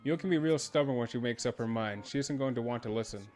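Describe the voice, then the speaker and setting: A man reads a game's dialogue aloud in a mid-pitched, natural voice. His reading is loose and unscripted, with slips and restarts along the way. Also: fast talker, darkish tone, soft background music. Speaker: player voicing game dialogue.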